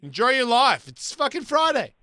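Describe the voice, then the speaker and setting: High, brassy radio host, loud and profane. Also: male voice, sing-song, moderate pace, no room sound. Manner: loud, profane, blunt, needling. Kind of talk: brash call-in radio banter. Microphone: studio microphone.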